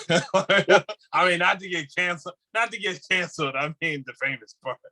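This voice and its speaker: A man's voice: sits high, moderate pace, sharp tone. A man co-hosting a podcast over a video call, laughing often and slipping into mocking voices. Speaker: podcast co-host. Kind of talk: casual chat.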